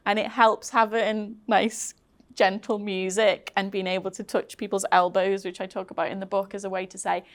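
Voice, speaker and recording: A middle-aged woman with a Liverpool accent, speaking earnestly in a conversational panel talk and acting out what she tells her workshop members. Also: medium pitch. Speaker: founder of a craft activism group, guest speaker.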